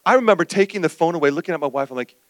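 A male pastor preaching a sermon, telling a personal story with animated, acted-out quotes. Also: on the high side, very fast, no room sound.

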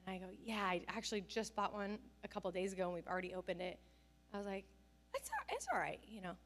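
A woman's voice: mid-range voice, flat delivery, fast talker. A woman pastor preaching a conversational sermon, telling stories with self-deprecating humor.

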